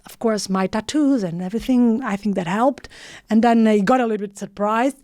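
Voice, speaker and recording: A woman giving a reflective motivational talk in short phrases with frequent pauses and non-native English phrasing. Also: mid-range voice, a little mellow, no echo, studio quality. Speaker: motivational speaker.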